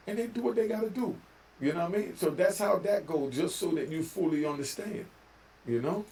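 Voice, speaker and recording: A man's voice: fairly high pitch, lively intonation, brisk, vocal fry, darkish tone, slight background noise. An older man from New York giving casual commentary, talking in preachy street slang and often asking "you know what I mean?". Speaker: vlogger.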